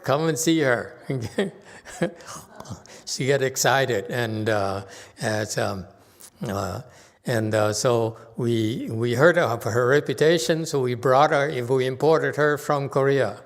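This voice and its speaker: A man giving an informal Buddhist Dharma talk to his congregation, halting with many fillers and chuckling as he talks through slides. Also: mid-range voice. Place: temple hall. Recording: long hall reverb.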